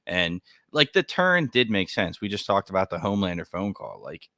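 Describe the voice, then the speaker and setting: A man's voice: low voice, lively intonation, normal speed, hardly any pauses, sharp tone, no room sound, clean studio sound. A man co-hosting a podcast, talking casually and acting out quoted reactions. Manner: talks in quoted reactions, filler-heavy. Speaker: podcast co-host.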